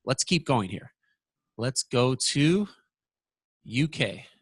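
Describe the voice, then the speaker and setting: A man presenting a software walkthrough lesson, talking excitedly and stammering when surprised. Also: mid-range voice, takes it slowly, breathy edge, dry recording.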